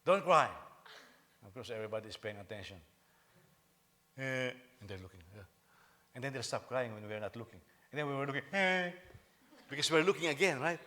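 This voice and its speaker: Speaking fairly quickly at a medium pitch, a middle-aged man delivers a lively sermon as senior pastor, trading jokes with the congregation and frequently circling back to repeat or restart what he's saying.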